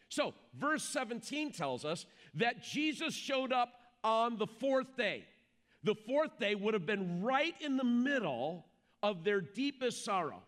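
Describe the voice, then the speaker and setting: A man preaching an Easter sermon as pastor, emphatic and slowing down to stress key phrases. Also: sits high, a bit bright.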